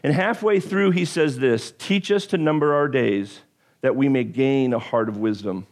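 A man preaching a sermon, animated and joking, with self-deprecating asides and frequent stumbles and restarts. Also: medium pitch, moderate pace. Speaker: pastor.

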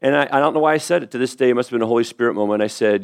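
A man's voice: medium pitch, rapid-fire, vocal fry, smooth. Middle-aged male pastor, sermon, chatty storytelling, restarts and asides.

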